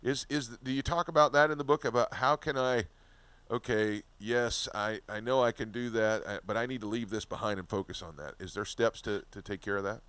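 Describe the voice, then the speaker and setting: A man hosting an interview, asking halting questions and reading an upbeat book offer. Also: lowish voice, fairly even intonation, a bit bright, clear, resonant tone, no room sound. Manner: hesitant questions with fillers and restarts, upbeat promo reads. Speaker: host.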